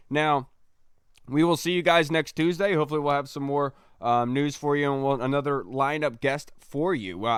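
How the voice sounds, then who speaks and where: A man's voice: medium pitch, smooth, no echo, studio quality. A man hosting a casual sports podcast, chatty and rambling as he wraps up. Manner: chatty, rambling sign-offs. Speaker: podcast host.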